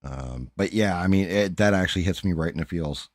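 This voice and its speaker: A man's voice: sits low, brisk, no echo, clean studio sound. A middle-aged man hosting a livestream, chatting casually and candidly with his viewers in a rambling way, swearing freely. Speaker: livestream host. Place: home.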